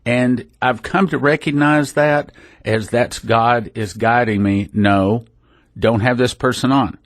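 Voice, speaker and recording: A man's voice: mid-range voice, fairly even intonation, slow pace, dry recording. Folksy man, dry studio sound. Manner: folksy, rambling, self-interrupting. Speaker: radio ministry host. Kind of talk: casual religious radio talk. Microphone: studio microphone.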